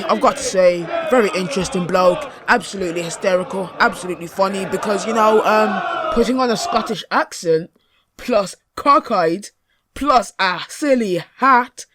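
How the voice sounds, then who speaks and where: A man's voice: sits high, moderate pace, pushed and bright. A man hosting a reaction video, mocking and chatty in his commentary. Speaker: YouTube reaction host.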